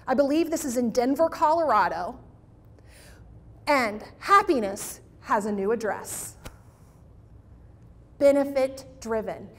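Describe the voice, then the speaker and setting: Female keynote presenter, high and unhurried, animated and pleading, long hall reverb. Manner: animated, emphatic, pleading asides. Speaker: keynote speaker. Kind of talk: live marketing keynote talk.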